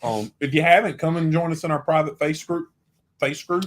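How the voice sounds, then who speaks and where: A man's voice: a little high, a little fast. A man with a Southern US accent co-hosting a casual livestream, teasing and rambling as he chats. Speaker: co-host of a travel livestream.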